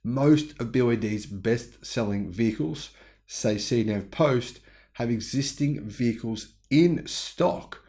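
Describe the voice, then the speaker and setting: A man hosts his own commentary channel, reacting to news reports in a casual, opinionated way. His voice sits at a middle pitch, and he thinks out loud, often restarting his sentences. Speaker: YouTube channel host.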